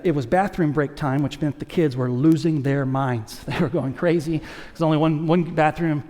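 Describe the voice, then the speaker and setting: A man preaching as lead pastor in a conversational, energetic way, joking and talking to the congregation as he goes. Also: fairly high pitch. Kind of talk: sermon. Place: church sanctuary. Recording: long hall reverb.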